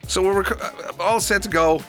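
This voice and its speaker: A man's voice: high-pitched, brisk, soft background music. An Irish man co-hosting a radio podcast, telling stories in casual chat and teasing his partner. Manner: animated storyteller, teasing his co-host. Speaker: radio co-host. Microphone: studio microphone.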